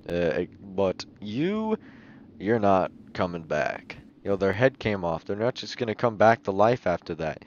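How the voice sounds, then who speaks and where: A young man giving excitable, joking let's-play commentary, often yelling. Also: sits low, unhurried, muffled recording, a little hiss or hum. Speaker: gaming youtuber. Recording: loud game music behind.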